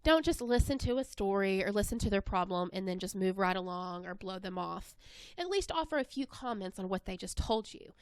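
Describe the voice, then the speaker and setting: A woman presenting an instructional webinar in an even, scripted narration. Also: mid-range voice, fairly quick, clear, resonant tone, dry recording.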